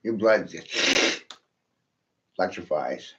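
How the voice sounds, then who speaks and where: A man's voice: low-pitched, expressive, extremely slow, pushed and bright, slight background noise. A man delivering a rambling, profane monologue, swearing freely, laughing often and asking "right?" after his points. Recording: dull lo-fi recording.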